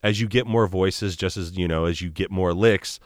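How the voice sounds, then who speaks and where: A man's voice: low-pitched, normal speed, no room sound, clean studio sound. A man chatting as a podcast guest over a video call, rambling with many fillers and a joking tone. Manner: rambling, lots of fillers, jokey. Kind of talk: casual chat.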